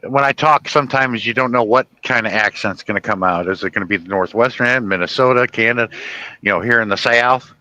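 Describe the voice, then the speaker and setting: A man from the Chicago area hosting a casual chat, rambling through stories with halting restarts. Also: mid-range voice, pushed and bright, low-quality recording. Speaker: host.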